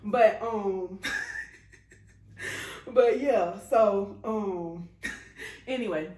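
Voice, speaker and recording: A woman's voice: medium pitch, very slow, darkish tone. A young adult woman telling a casual, profane story to her viewers as a vlogger, laughing often as she talks. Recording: echoey room.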